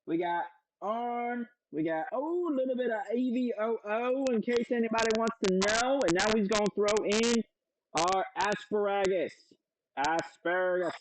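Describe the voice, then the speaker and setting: A man's voice: high voice, moderate pace, background noise. Rowdy, profane man live-streaming his cooking. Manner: loud, profane, joking, reads chat aloud. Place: home kitchen. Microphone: streaming setup with several cameras.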